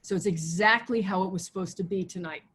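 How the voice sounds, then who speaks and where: A woman pastor preaching a sermon over a video call, swinging from loud, soaring exhortation to a hushed prayer voice. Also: lowish voice, quick pace, slightly rough. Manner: impassioned, rises loud then drops to hushed prayer. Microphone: video call mic.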